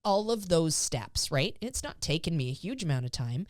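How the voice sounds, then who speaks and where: A woman's voice: low voice, sing-song, moderate pace, no echo, studio quality. A woman dog trainer co-hosting a podcast, explaining exercises in casual chat and acting out her dog's thoughts in playful voices.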